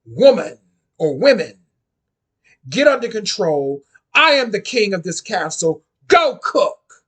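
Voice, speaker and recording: A man's voice: high voice, sing-song, slow pace, fairly bright tone, husky, exaggerated voice. A man voicing a bossy, domineering husband who barks orders at his wives in a mocking impersonation. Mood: mock-commanding.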